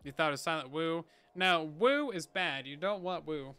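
A man's voice: a little high, animated, normal speed, hardly any pauses, bright, forceful tone, clean tone, soft background music. A man chatting casually and playfully to his viewers while he plays a game on a livestream, with bursts of mock panic. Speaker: streamer. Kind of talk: casual gameplay livestream chat.

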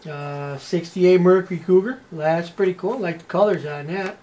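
Speaking at a normal speed in a high voice over a noisy background, this toy unboxing presenter has a Canadian accent. His commentary is casual, folksy, and rambling, full of "uh" and lines ending in "eh".

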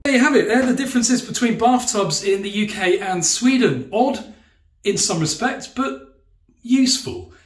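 A man's voice: high-pitched, lively intonation, normal speed. A British man vlogging casually from his home bathroom, explaining things in a chatty, joking way. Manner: chatty, jokey, explains while showing things. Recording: echoey tiled bathroom.

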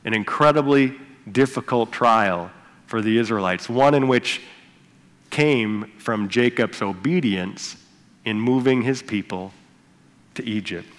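A male pastor delivers his sermon in an easy, conversational manner, pausing to retell Bible stories and toss asides to the congregation. His voice sits at an ordinary middle pitch for a man. It carries through a church sanctuary with a long, ringing reverb.

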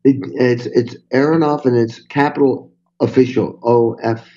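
Older man, podcast guest, mellow voice, lively storytelling, slightly dull sound. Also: mid-range voice, moderate pace, slight background noise. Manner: animated, swearing, acts out quotes. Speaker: guest drummer. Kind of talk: storytelling interview.

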